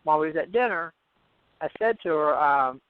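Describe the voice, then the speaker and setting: A man's voice: on the high side, expressive, a little fast, smooth, dry recording. A man calling in to a radio show, telling a personal story in a rambling way that repeats words. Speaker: caller. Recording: dull muffled phone audio.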